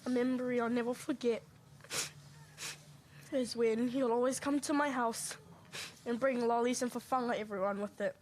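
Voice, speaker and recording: A woman with a somewhat high voice gives a eulogy for her uncle in a chapel, with faint noise underneath. She speaks in a soft, measured way and leaves long pauses between her thoughts. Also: steady tone. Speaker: niece giving a eulogy. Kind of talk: eulogy at a family funeral service. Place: funeral home chapel.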